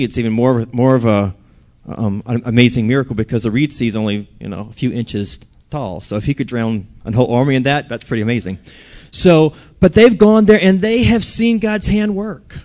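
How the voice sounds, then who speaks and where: A man's voice: on the high side, darkish tone. A man preaching a sermon, telling a personal story and asking the audience questions.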